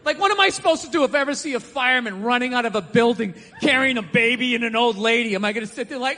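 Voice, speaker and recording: High, bright, shouting stand-up comedian man. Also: expressive, fast talker, few pauses. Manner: ranting, often shouting, sarcastic and profane. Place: theater stage before a live audience. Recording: long hall reverb with faint ambience.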